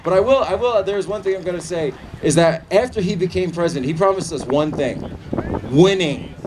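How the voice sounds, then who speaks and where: A man giving a political rally speech outdoors, shouting to a crowd and leading chants. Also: high voice, a little fast, recorded from a distance. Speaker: rally speaker. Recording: loud crowd and outdoor noise. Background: cheering crowd.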